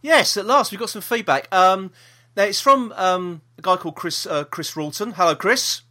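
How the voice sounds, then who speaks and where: Speaking in a high-pitched, pushed, bright voice at a moderate pace, a man with a South East London accent co-hosts a podcast. He's chatty, and when reading a listener's email aloud he fills it with ums and restarts.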